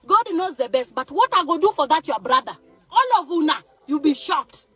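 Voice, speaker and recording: A Nigerian woman rants to camera in a very high voice that swings widely. She sounds agitated, threatening and pleading, and faint music plays behind her. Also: expressive, moderate pace, fairly bright tone, no echo. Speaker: mother. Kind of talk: emotional rant to camera. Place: parked car.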